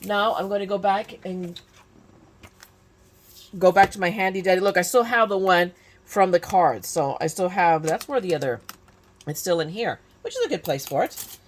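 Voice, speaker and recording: A woman's voice: lowish voice, animated, moderate pace, pauses often, a little hiss or hum. A woman in her fifties from California, chatting through a crafting tutorial with lots of restarts and self-mocking asides. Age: 50s. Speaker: crafting YouTuber. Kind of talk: casual crafting tutorial chat.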